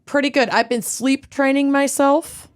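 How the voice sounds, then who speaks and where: A woman co-hosting a casual podcast, chatty and animated, often mocking herself. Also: high-pitched, measured pace. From United States. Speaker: podcast co-host. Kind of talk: casual chat.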